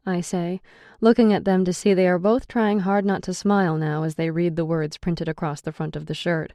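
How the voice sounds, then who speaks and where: A woman's voice: on the low side, fairly even intonation, normal speed, dark tone, no room sound. A woman narrating a first-person audiobook in a wry, sarcastic storytelling manner, close to the mic.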